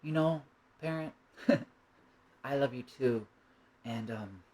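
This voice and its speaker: A man's voice: medium pitch, takes it slowly, darkish tone, natural voice. Little upset child , voiced plainly by a man, lines blurted out, told as part of a spoken parable. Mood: tentative. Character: very young angry child.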